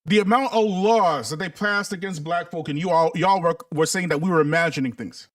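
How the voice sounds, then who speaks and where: A man's voice: on the high side, fairly quick, distant mic. A man giving casual political commentary to his viewers, talking in a sarcastic, mocking, conversational way.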